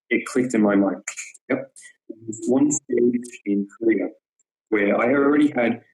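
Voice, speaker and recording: A man with a somewhat low voice explains archery technique as a coach in an online webinar. He talks earnestly, repeats words to drive a point home and drops in frequent "yep" check-ins. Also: a little mellow, rough recording.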